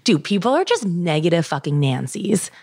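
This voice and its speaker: A woman's voice: on the low side, very animated, moderate pace, creaky, a little mellow. A young woman co-hosting a podcast, chatting casually, bubbly and emphatic, laughing often. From Greek family roots. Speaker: podcast co-host. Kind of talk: casual chat.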